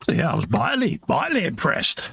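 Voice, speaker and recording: Gravelly bloke, matey banter. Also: male voice, on the high side, huge pitch swings, quick pace, sharp tone, dry recording. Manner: chatty, matey banter, says "mate" constantly. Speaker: co-host. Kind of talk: casual live-stream chat while painting miniatures.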